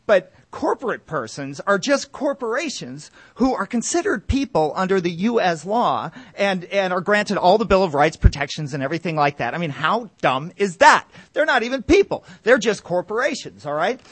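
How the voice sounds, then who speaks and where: A man from Denver, a comedian contestant delivering an excitable, ranting comic monologue. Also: high voice, moderate pace, few pauses, breathy edge, no echo. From Denver, Colorado.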